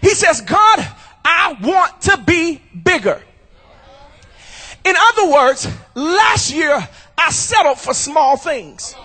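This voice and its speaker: A male pastor preaching a shouted sermon at a church service, using rhythmic repetition and calling out to the congregation. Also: extremely high pitch, big pitch swings, slow pace, faint music behind.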